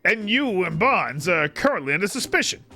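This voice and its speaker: A man's voice: sits high, sing-song, moderate pace, sharp tone, pitched above the performer's own voice, full character voice. Detective Pikachu, read by a man, confident and inquisitive. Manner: self-assured, inquisitive. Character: confident small male electric-mouse detective.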